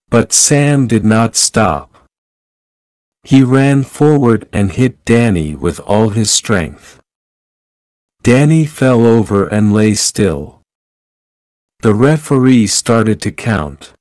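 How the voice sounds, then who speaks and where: Very slow male audiobook narrator. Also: on the low side, darkish tone, dry recording. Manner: slow, clear reading for learners. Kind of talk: graded reader audiobook narration.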